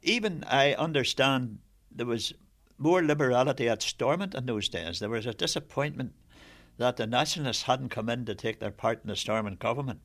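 An older man from Northern Ireland, reminiscing in an interview in a reflective, measured way. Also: medium pitch, fairly bright tone.

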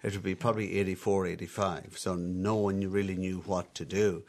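Deep-voiced Irish man telling stories. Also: little pitch movement, normal speed, darkish tone. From Ireland. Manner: talkative, anecdotal, frequent restarts. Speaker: interview guest, emigrant bar owner. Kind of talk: reminiscing conversational storytelling.

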